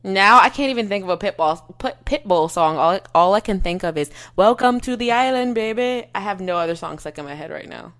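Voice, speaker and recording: A woman's voice: lowish voice, fairly quick, hardly any pauses, a bit bright. A woman co-hosting a casual podcast, chatting playfully and laughing along with her friend. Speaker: podcast co-host. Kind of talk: casual recap chat.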